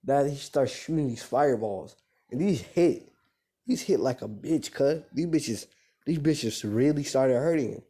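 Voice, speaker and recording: A man improvising a fan-fiction story out loud, rambling and correcting himself, in slangy casual speech. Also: mid-range voice, expressive, a little slow, breathy edge.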